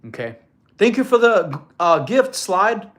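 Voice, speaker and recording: A man's voice: high-pitched, big pitch swings, a little slow, fairly bright tone, slight background noise. Upbeat man in an echoey room. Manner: upbeat, laughs easily, reads chat aloud. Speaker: livestream fitness coach. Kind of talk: casual livestream chat.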